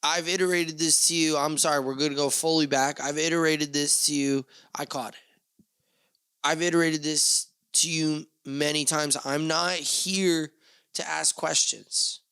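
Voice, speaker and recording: A male solo podcast host with a gravelly voice that sits fairly high for a man. He rambles casually, loses his thread, and then rushes ahead in animated bursts.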